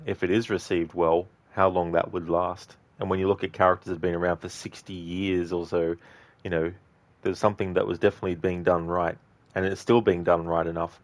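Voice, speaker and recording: Very deep, flat-voiced man chatting. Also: dry recording. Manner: rambling, many fillers. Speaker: game streamer. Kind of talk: casual commentary over gameplay.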